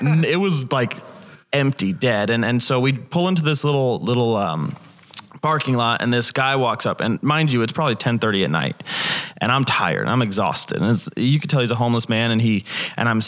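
A young man telling a personal faith story in a casual church discussion, animated, with lots of fillers and restarts. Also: medium pitch. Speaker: church member sharing a testimony.

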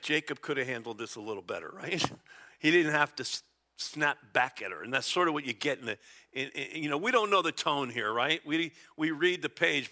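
A man's voice: on the high side, pushed and bright. A middle-aged man preaching a conversational Bible-teaching sermon, chuckling often and acting out small dialogues. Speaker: pastor.

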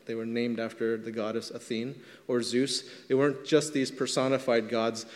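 Male pastor, mid-pitched voice, relaxed teaching sermon, long echo from a big hall. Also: normal speed. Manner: conversational teaching, stretches words for emphasis.

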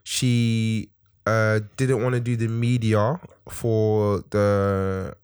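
A man explaining his view on a podcast in a hesitant, measured way with many pauses. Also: on the low side, flat delivery, darkish tone, smooth, dry recording, studio quality. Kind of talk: casual chat.

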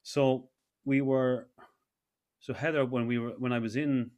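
A man's voice: medium pitch, fairly even intonation, unhurried, darkish tone. A man in his thirties, a breathwork facilitator, telling a personal story in a casual interview with many restarts. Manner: rambling with frequent restarts.

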